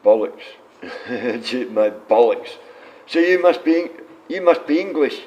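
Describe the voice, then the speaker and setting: A man's voice: on the high side, animated, a little slow, poor audio. Rambling, foul-mouthed man. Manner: rambling, swears freely. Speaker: livestreamer. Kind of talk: casual livestream chat.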